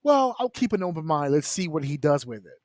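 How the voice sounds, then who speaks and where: Higher-pitched guy ranting on a wrestling panel, swears a lot, does quick little voices, dry close mic. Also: no echo. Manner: animated, profane, mimics wrestlers in quick asides. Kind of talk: casual round-table chat.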